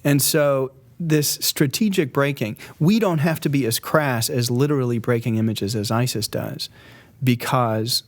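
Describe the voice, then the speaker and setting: A man speaking as a guest on a podcast, an art historian in casual conversation who tells stories in a lively way and laughs easily. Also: mid-range voice, a little slow. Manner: lively storyteller, laughs easily, quotes figures in playful voices.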